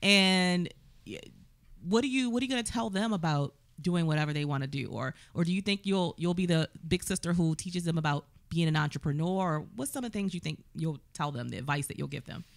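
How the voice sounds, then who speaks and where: Woman host, 30s, upbeat and playful, quick to laugh; dry close-miked sound. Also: on the low side, lively intonation, no echo. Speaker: talk show host. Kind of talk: casual interview chat.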